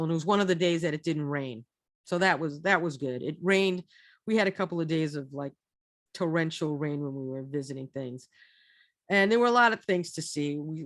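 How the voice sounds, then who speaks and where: A woman's voice: on the low side, no echo, studio quality. A woman telling a casual travel story, chatty and rambling, restarting her phrases often. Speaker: storyteller recounting a trip.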